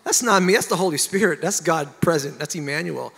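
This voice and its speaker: A man, a pastor, sharing his testimony in an animated, emotional way and getting loud at the high points. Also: a little fast, creaky, slightly rough, in a large hall. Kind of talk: candid conversational testimony.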